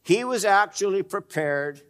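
A pastor preaches an animated sermon at a measured pace, swinging between raised emphasis and hushed, low asides. He puts direct, probing questions to the congregation.

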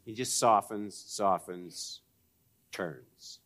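A man preaching a sermon, swinging between raised emphasis and hushed, low asides, and putting direct questions to his listeners. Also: animated, unhurried. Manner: direct, probing questions to the congregation. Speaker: pastor.

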